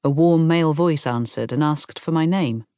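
In studio-quality, dry audio, an audiobook narrator reads a novel in scripted first person. She is calm, her voice low and her speed normal.

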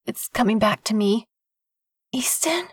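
A woman's voice: mid-range voice, moderate pace, dry recording, clean studio sound. Wry woman narrating a romance. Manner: wry, confiding; whines and croaks her own quoted lines. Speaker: audiobook narrator. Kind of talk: first-person romance narration.

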